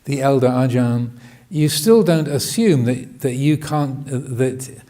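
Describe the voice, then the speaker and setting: Hesitant monk giving a dharma talk. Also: male voice, mid-range voice, takes it slowly. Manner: hesitant, many fillers and restarts, gentle laughter. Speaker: Buddhist monk teaching.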